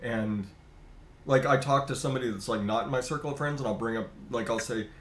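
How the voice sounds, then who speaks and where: A man's voice: mid-range voice, brisk, fairly bright tone, slight background noise. A man in casual chat who rambles, repeats words and swears, recorded in an echoey room.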